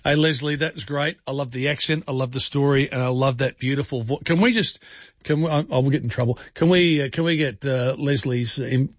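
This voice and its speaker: A man's voice: mid-range voice, fairly quick, no room sound, lo-fi sound. A man hosting a talkback radio show, chatting easily with callers and using lots of fillers. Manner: chatty, warm asides, frequent fillers.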